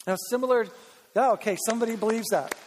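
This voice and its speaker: High-voiced pastor preaching with energy. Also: male voice, fast, slight background noise. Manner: energetic, repetitive, exhorting the congregation. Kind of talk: sermon. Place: large church sanctuary. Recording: long reverb of a church hall.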